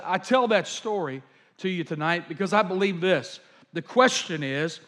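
Male pastor, high-pitched, fervent sermon delivery with fillers. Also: fairly bright tone. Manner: fervent, repetitive preaching with fillers. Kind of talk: sermon storytelling.

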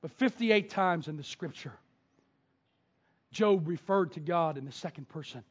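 A pastor telling stories in a sermon, dropping to a hush and then rising to a shout. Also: male voice, a little high, moderate pace, lo-fi sound. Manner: storytelling, swings from hushed to shouting. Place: church sanctuary.

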